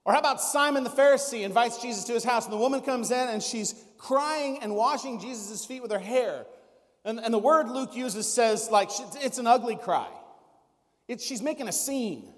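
A man's voice: very high voice, moderate pace, long reverb tail. A man preaching a sermon as a pastor, conversational, with many rhetorical questions.

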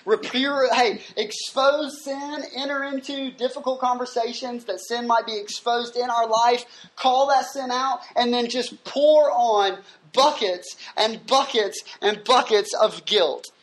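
An emphatic pastor delivering a sermon at a gathering on a university campus. He reads scripture passages aloud and then unpacks them. He keeps checking in with the listeners through a steady "right?". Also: mid-range voice, measured pace, few pauses.

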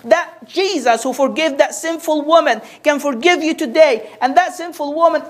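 A woman's voice: sits high, moderate pace. A woman preacher delivering a sermon, asking rhetorical questions and drawing the congregation in with call-and-response.

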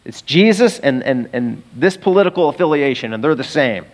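A middle-aged man delivers a sermon as pastor, animated and conversational, addressing occasional asides to the congregation. He speaks at medium pitch and a normal speed.

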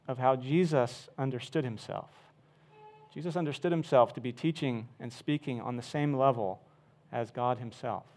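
A man preaching a sermon, emphatic, with wide swings from loud to soft. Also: on the high side. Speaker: pastor.

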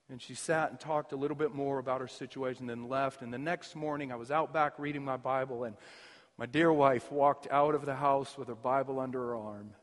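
A man preaching a sermon as pastor, his emphasis surging loud and then dropping to near quiet. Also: mid-range voice, steady tone, brisk. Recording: reverberant hall.

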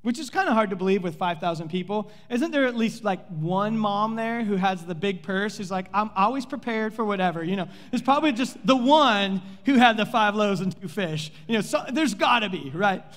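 A man preaching a sermon as pastor, telling the story in an animated way and playfully acting out the characters with sarcasm. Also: high voice, moderate pace, hardly any pauses. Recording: long hall reverb.

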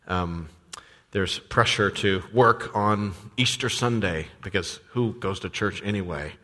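Low-voiced pastor preaching in reverberant church. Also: male voice, measured pace, pushed and bright. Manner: conversational, with frequent fillers and restarts. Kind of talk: sermon. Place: church sanctuary.

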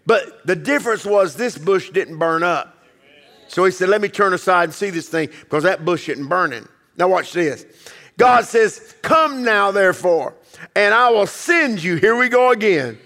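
A man preaching a sermon as pastor, emphatic, acting out quoted voices and dropping low to quiet passages. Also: lively intonation, a little slow, big-room sound.

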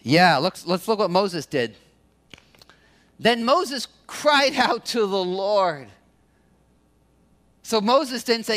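Male pastor, high-pitched voice, animated sermon delivery. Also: slow, long pauses. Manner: animated, acts out quoted complaints in a higher voice.

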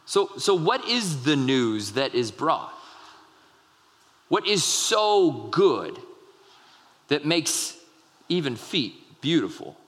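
A pastor preaching in a church sanctuary, his slightly raised voice carrying a long hall reverb. He tells stories the way he would chat, breaking off to check in with the congregation. He is a young adult man speaking with easy warmth from the pulpit. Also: a little high. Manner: conversational storytelling with asides to the congregation. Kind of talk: sermon.

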